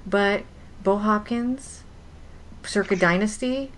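A woman's voice: medium pitch, a little fast, a bit bright. A woman co-hosting a podcast in casual chat, gushing and playful, often giggling. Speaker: podcast co-host.

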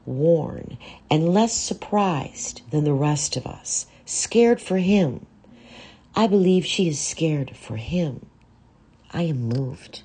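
A woman narrating a first-person story in an earnest, measured way. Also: deep voice, animated, warm tone, breathy edge.

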